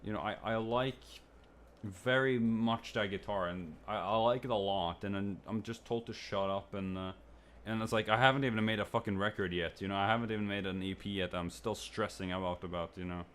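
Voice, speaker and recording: A young man streamer venting in a rambling, frustrated way, swearing and stammering through restarts. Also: a little fast. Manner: jumps to high, loud mimicking when quoting others.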